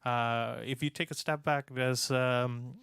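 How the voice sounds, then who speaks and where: A male singer appearing as a studio guest, talking relaxed and casual, often agreeing briefly and laughing. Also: mid-range voice, slow pace, clear, resonant tone, dry recording. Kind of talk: casual conversation.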